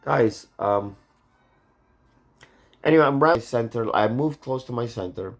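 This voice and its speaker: A man's voice: medium pitch, expressive, moderate pace. Agitated man ranting and swearing. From Canada. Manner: agitated, swearing, rambling with many restarts. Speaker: YouTube channel host. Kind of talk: angry rambling vlog rant.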